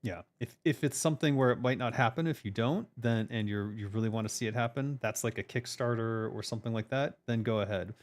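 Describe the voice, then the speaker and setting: A man's voice: mid-range voice, fairly quick, hardly any pauses. A man hosting a casual stream chat as a game designer, ranting emphatically with lots of swearing.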